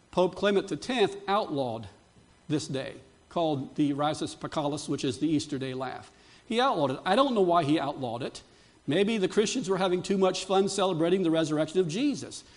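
A male pastor preaching a sermon to his congregation, building to emphatic, fervent peaks between quieter storytelling, with frequent restarts. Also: a little high.

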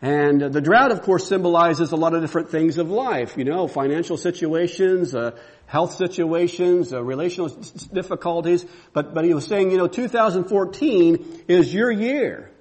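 A man's voice: fairly high pitch, a little fast, darkish tone. A man pastor preaching a sermon, repeating emphatic rhetorical questions.

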